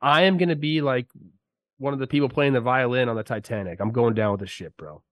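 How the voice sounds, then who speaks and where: A man's voice: mid-range voice, fast, fairly bright tone. A man who used to play pro ball, talking sports on a podcast in a heated, emphatic way while sick. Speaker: podcast co-host, former player. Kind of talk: casual sports talk. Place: podcast studio.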